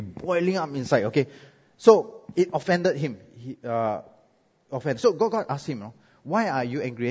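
A man's voice: mid-range voice, breathy edge. A man preaching a sermon with a Singaporean English accent. He jokes and keeps asking the crowd "right?". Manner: lively, joking, asks the crowd "right?". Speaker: pastor. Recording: muffled sound with long hall echo.

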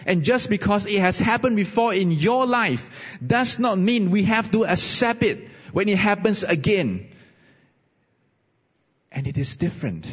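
A man preaching a sermon and telling a personal story, animated with rising emphasis. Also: high voice. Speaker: pastor. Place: church hall. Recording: husky voice, dull sound, long reverb.

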